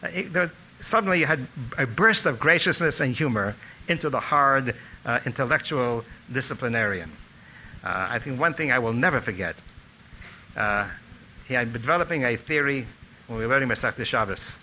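An older man telling animated stories about a teacher from his student days. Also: medium pitch, fairly quick, a little hiss or hum, low-quality recording. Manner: animated storytelling, acting out quotes. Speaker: speaker recalling a teacher. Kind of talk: anecdotal reminiscence.

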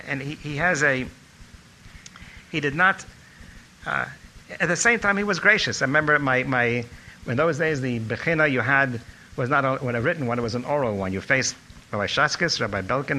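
A man's voice: mid-range voice, normal speed, pauses often, slight background noise, rough recording. An older man telling anecdotes about his former teacher in a reminiscing speech. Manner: storytelling, animated when quoting others. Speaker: former student giving a tribute talk.

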